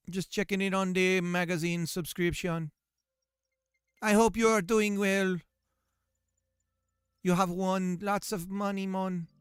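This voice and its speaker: A man's voice: sits high, a bit bright, clear, resonant tone, no room sound, studio quality. A man voicing a pushy, greedy male phone scammer in a mocking, sing-song put-on Jamaican accent.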